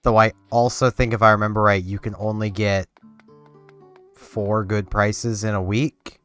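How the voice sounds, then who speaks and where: A man's voice: lowish voice, level tone, a little slow, fairly bright tone, clean tone, soft background music. A man giving casual let's-play commentary, rambling and talking to himself and to the game as he plays. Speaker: gameplay commentator.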